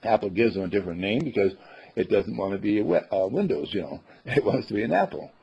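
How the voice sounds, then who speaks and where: A man's voice: fairly low pitch, animated, fast, gravelly, darkish tone, husky. A man giving a rambling, folksy spiritual talk, acting out the quotes he tells. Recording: dull lo-fi recording.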